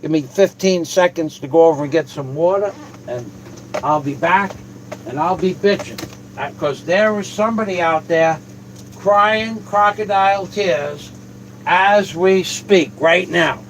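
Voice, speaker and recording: A man's voice: sits high, unhurried, slight background noise, low-quality recording. A man hosting his own video, ranting and rambling straight to his viewers with plenty of cursing. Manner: profane, rambling, talks to viewers directly. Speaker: video host.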